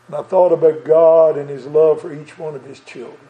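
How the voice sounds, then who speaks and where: A man's voice: on the high side, steady tone, fairly quick, echoey room, phone-quality sound. A man preaching a sermon, tender and then fervent, with an occasional chuckle.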